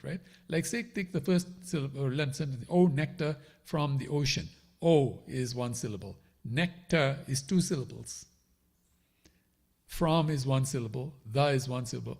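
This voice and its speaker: A man leads a devotional scripture class in a slightly husky voice. His pitch sits a touch high and swings widely as he explains each line. He keeps checking in with his listeners, asking "right?". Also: darkish tone. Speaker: spiritual teacher.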